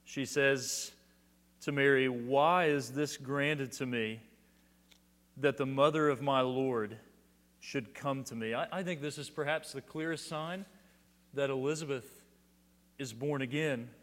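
A middle-aged male pastor preaching a sermon with dynamic swings between loud declarations and hushed emphasis, often repeating words as he restarts a phrase. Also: medium pitch, steady tone, unhurried, pauses often. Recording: long hall reverb.

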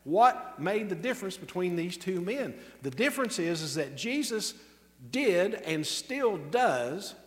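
A man preaching a sermon emphatically, drawing out key words slowly and tossing off quick asides. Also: high-pitched, in a large hall. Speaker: pastor.

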